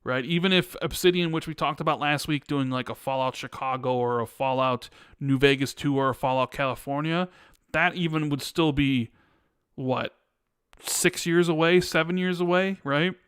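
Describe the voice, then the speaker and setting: A man's voice: fairly high pitch, moderate pace, fairly bright tone, clear, resonant tone, no room sound, studio quality. A man hosting a gaming podcast, asking questions in a hesitant, casual way. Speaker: podcast host. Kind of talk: casual chat.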